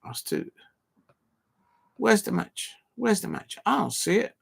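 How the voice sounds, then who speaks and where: A man's voice: sits high, big pitch swings, measured pace, creaky, long pauses, husky. A man hosting a football watch-along stream, chatting casually, reading viewer comments and rambling with lots of fillers.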